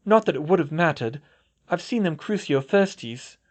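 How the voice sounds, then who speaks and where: A man's voice: fairly high pitch, lively intonation, normal speed, voice pushed up, lightly acted. A man voicing a cold, blunt young woman student who speaks matter-of-factly.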